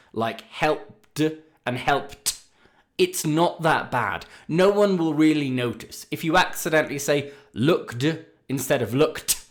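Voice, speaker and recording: Man, podcast pronunciation teacher, animated lilt and slightly raised pitch, demonstrative. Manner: lively, demonstrative, drawn-out example words. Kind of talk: podcast lesson.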